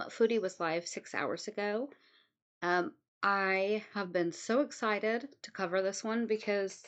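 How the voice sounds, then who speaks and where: A woman at home giving casual, rambling commentary, chatty and full of "um"s. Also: mid-range voice. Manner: rambling, chatty, many ums. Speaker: commentary host.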